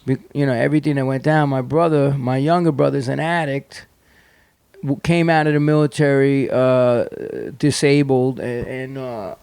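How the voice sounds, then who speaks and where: Middle-aged New York man, gravelly, swears freely, close dry studio mic. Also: mid-range voice, level tone, moderate pace, darkish tone, no room sound. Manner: profane, rambling, restless with many fillers and restarts. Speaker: podcast guest, punk band singer. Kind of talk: candid storytelling in conversation.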